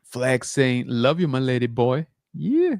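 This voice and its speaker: A man in a middle pitch hosts a relaxed livestream, rambling through stories and greeting viewers in the chat. His voice comes across close and dry, with no room sound. He keeps a loose, filler-heavy flow. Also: normal speed, smooth, dry recording. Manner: chatty, many fillers, reads chat aloud. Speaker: podcast host.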